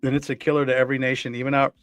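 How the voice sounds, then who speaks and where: A man co-hosting a casual podcast chat who rambles, restarts and fills his sentences as he goes. His voice sits at an ordinary middle pitch and sounds close and dry. Faint music plays underneath. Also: level tone, rapid-fire, no echo. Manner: rambling, many restarts and fillers. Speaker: co-host.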